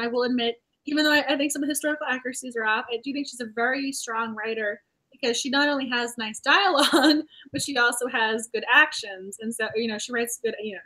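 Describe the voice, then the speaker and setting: A woman co-hosting a casual romance book discussion, animated and laughing often. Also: a little high. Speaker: book club co-host.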